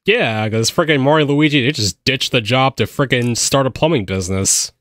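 A man's voice: mid-range voice, a little fast, fairly bright tone, no room sound. A man chatting casually as a podcast co-host, with offhand, slangy remarks. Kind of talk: casual review chat.

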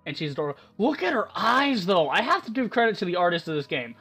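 A man's voice: high-pitched, big pitch swings, quick pace, a bit bright, breathy edge, soft background music. A young man gushing and rambling through let's-play commentary of a game, swearing often. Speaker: gaming YouTuber.

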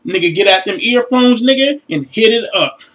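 A young man with a high, bright, ringing voice rants straight into the camera. He is loud, crude and animated, and often breaks into a shrill mocking falsetto. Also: moderate pace, recorded from a distance, rough recording. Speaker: vlogger. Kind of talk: profane casual rant to camera.

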